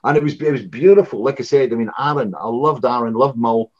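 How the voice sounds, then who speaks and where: A man's voice: mid-range voice, fast talker. A Scottish man in his sixties, a former rock frontman, telling rambling anecdotes with many restarts in a casual interview. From Scotland. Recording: dull lo-fi recording.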